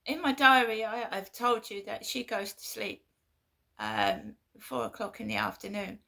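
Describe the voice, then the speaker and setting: Gravelly woman, aggrieved vlog monologue. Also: mid-range voice, lively intonation, pushed and bright. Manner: halting, repeats herself, aggrieved. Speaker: vlogger. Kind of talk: casual personal monologue.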